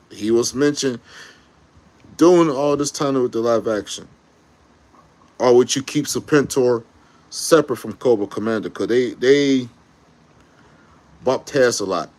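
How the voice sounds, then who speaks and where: A man in the middle of a fan rant, talking straight to his viewers in a mid-pitched voice. He gets excitable and rambles in loose slang, stopping now and then to correct himself. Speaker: YouTube commentator. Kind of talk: casual fan rant to camera.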